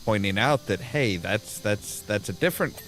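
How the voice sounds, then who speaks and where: A man's voice: lowish voice, expressive, moderate pace, fairly bright tone, soft background music. A man casually commenting while playing a game, rambling and restarting his sentences often. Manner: rambling, self-interrupting, frequent restarts. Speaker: gameplay video host.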